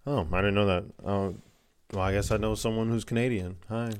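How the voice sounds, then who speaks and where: A man's voice: on the low side, fairly even intonation, a little fast, clear, resonant tone. A young man co-hosting a podcast, chatting casually in a teasing, playful and argumentative way. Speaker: podcast co-host. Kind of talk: casual chat.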